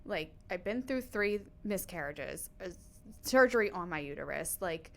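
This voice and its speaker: A woman's voice: lowish voice, animated, unhurried, vocal fry, a bit bright. A woman in her thirties, a podcast guest, telling a personal story in casual, emotional chat, full of "like" and "you know". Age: 30s. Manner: emotional storytelling with many likes and you-knows.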